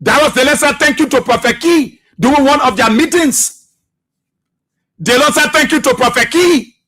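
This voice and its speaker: A man's voice: very high-pitched, moderate pace, bright, forceful tone. A man with a Liberian English accent hosting a political talk radio show, firing accusing rhetorical questions with mounting fervor. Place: radio studio.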